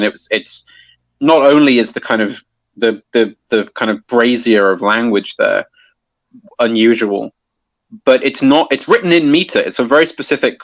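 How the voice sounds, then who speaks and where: A guest explaining poetry talks casually, hesitating with many restarts and fillers. His voice is on the low side, and the recording is dry with dull audio.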